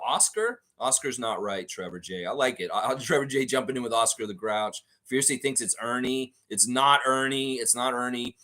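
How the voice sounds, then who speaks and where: A man runs a casual online trivia show, calling out viewers' guesses as right or wrong. His pitch swings freely, rising high when he is amused, and he keeps up a steady stream of chatter and light laughter. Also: brisk, few pauses. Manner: chatty, reads out viewer answers, laughs often. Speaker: trivia quiz host. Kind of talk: casual livestream quiz hosting.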